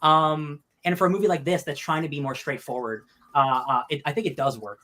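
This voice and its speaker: A podcast co-host talking quickly and excitedly about a film, full of fillers. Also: medium pitch. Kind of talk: casual film discussion.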